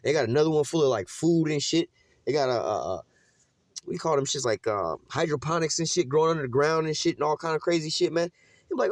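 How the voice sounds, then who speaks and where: Talking fast with lively intonation, a man with a fairly high, slightly mellow voice preaches scripture casually on the street. The Bible teacher rants in slangy, profane language and says "man" in almost every sentence. No echo is present.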